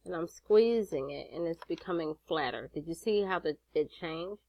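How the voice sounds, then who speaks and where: A woman's voice: fairly low pitch, normal speed, a little mellow, no echo. A woman with a grandson, sassy and chatty, walks viewers step by step through a craft tutorial and swears casually. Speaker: jewelry-making instructor.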